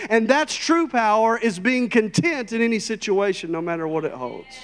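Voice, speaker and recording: A man preaching a sermon in a conversational, emphatic way, rising to loud, high peaks. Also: lively intonation, moderate pace, few pauses. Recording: long hall reverb.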